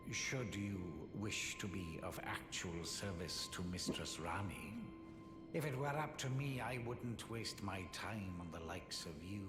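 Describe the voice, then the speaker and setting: Snooty noble sorcerer. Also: male voice, deep voice. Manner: haughty, sneering, formal. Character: snooty condescending male sorcerer, haughty noble. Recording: echoey hall with game music.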